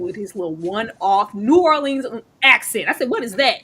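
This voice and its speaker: A woman hosting a casual TV recap chat, animated and laughing, acting out quoted lines. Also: high-pitched, a little slow. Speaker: host of a TV recap show.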